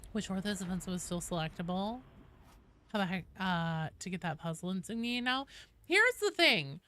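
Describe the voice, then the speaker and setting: A woman's voice: medium pitch, expressive, normal speed, bright, forceful tone. A young woman with a West Coast American accent chatting casually and rambling while streaming a game, swearing now and then. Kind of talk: casual gaming livestream chat.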